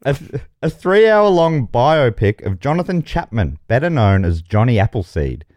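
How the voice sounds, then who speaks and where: Lively jokey male game show host. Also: medium pitch, moderate pace, no echo, clean studio sound. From Australia. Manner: jokey, chuckles mid-sentence. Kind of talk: comedy podcast banter, reading quiz options.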